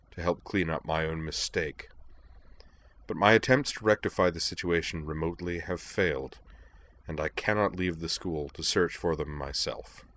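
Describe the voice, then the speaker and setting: Brief: deep male reader as a cold, commanding chairman, measured and flat, storybook reading. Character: cool, commanding young man, school chairman. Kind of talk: audiobook reading of fan fiction.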